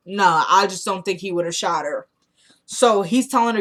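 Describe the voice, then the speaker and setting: A woman's voice: mid-range voice, steady tone, quick pace, sharp tone. A woman casually recapping a TV drama episode, animatedly acting out the characters' lines as she tells it. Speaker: TV episode reviewer.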